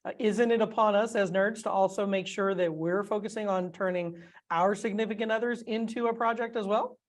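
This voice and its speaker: A man co-hosting a casual chat, playful and enthusiastic, quick to laugh. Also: sits high, steady tone. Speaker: podcast co-host.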